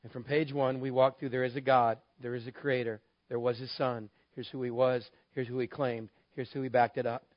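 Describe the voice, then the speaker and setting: A man's voice: mid-range voice, level tone, fairly quick, hardly any pauses, dry recording. A man preaching a sermon as a pastor, telling a story in a candid, conversational way with wry humor. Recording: dull, lo-fi dry sound.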